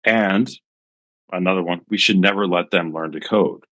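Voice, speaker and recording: Deep-voiced man co-hosting, dry sound. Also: normal speed, fairly bright tone, dry recording. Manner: thoughtful, builds an argument with many restarts. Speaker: podcast co-host. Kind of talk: casual tech podcast talk.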